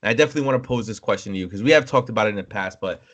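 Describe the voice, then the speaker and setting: A man's voice: on the low side, rapid-fire. Young man telling stories animatedly. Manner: animated storyteller, acts out quoted voices, swears. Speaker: podcast co-host. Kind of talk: casual chat.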